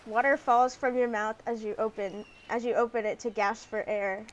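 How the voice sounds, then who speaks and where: A woman streams a dating sim, chatting playfully, giggling a lot, and reading the story text aloud as casual gaming commentary. Her voice is a little high, with fairly even intonation and normal speed. The recording sounds muffled.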